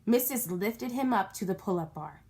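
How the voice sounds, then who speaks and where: A woman's voice: medium pitch, expressive, moderate pace, mellow. A woman reading a children's book aloud, stopping to explain words and ask her young listeners questions. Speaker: storybook reader.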